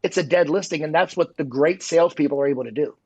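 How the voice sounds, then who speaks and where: A man's voice: fairly high pitch, quick pace, darkish tone, slightly rough, no echo. A man who is a real estate sales guest, telling stories in a loose conversational way and often saying "you know". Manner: peppers speech with "you know". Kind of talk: conversational storytelling. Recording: dull lo-fi podcast audio.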